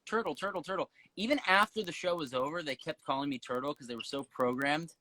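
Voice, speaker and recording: Bright, playful young man joking around. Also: a little high, lively intonation, fast, no room sound, rough recording. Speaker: singer, guest. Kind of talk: casual chat. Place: home, indoors. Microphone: phone livestream.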